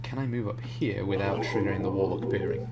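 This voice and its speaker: A man streaming a strategy game, calmly thinking out loud about tactics and swearing casually. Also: sits low, fast talker, noisy background. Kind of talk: gaming commentary.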